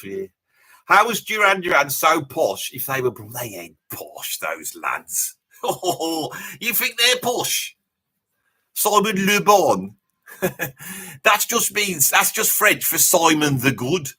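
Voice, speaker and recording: A man hosting a live stream plays a boastful Brummie bloke in character, chatting loosely with viewers in a thick Birmingham accent and rambling through name-dropping asides. The voice is husky yet bright and slightly high, reacting live.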